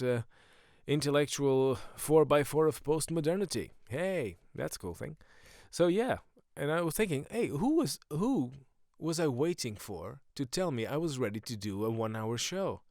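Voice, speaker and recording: A man's voice: medium pitch, a little mellow, dry recording, studio quality. A man hosting a podcast as a comedian, with a jokey, self-mocking ramble that keeps going off on tangents. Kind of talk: rambling comic monologue.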